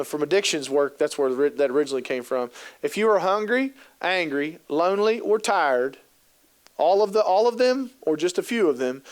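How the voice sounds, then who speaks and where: A man giving a humorous talk on working with youth, telling stories and acting out scenes. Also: fairly high pitch. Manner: animated, joking, acts out scenes. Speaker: keynote speaker on youth work. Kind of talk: humorous storytelling presentation.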